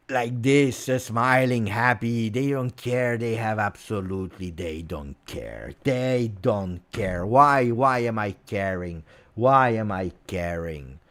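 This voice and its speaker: A man's voice: medium pitch, measured pace, fairly bright tone. A man hosting a live football watch-along, ranting in exasperation and repeating himself often. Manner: exasperated ranting with many repetitions. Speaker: football fan streamer.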